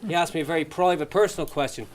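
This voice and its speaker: A man's voice: on the high side, fairly even intonation, racing, a little hiss or hum. A young man doing stand-up, telling a story and acting out the voices in it. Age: young adult. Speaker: stand-up comedian. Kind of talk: stand-up comedy to a young audience. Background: audience laughter.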